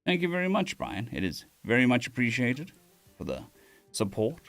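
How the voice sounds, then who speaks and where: A man's voice: mid-range voice, wildly swooping pitch, moderate pace, faint music behind. A man reading a story aloud on a live stream, with casual restarts and asides to chat.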